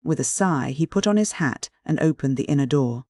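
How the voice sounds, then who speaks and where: A man narrating an old romance novel in an even, steady reading. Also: on the high side, a little fast, no room sound, clean studio sound. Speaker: audiobook narrator. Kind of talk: scripted literary narration.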